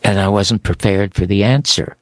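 An older man, a guest author, telling animated, rambling stories in an interview. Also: lowish voice, normal speed, dry recording. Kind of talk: storytelling interview.

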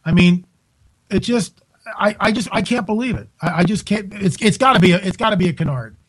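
A man hosting a live talk radio show from home, incredulous and animated, restarting his sentences often. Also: sits high, fairly quick, slightly rough, rough recording.

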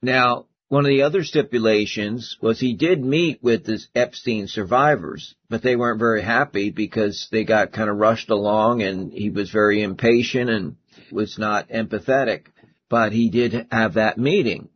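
A male host delivering an opinionated political commentary monologue, talking in halting bursts with frequent restarts. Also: lowish voice, highs cut off, slight background noise.

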